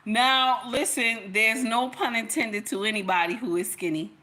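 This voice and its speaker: Her pitch is slightly high and her speed normal, carried by a sharp tone. She's a Nigerian commentary channel host on a casual livestream, addressing viewers head-on in a talkative, preachy manner.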